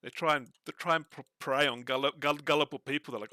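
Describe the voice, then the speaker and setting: A man's voice: a little high, fairly even intonation, quick pace, few pauses, pushed and bright, no room sound. A middle-aged man streaming, chatting casually and animatedly, swearing and restarting his words. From Australia. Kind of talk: casual chat.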